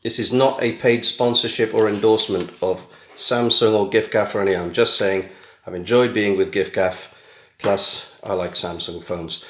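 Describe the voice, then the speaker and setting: Recorded on a camera mic in a small room at home, the sound is roomy as a middle-aged British tech vlogger casually unboxes something. His voice is lowish and steady at a moderate pace, and he keeps slipping in wry jokes at his own expense.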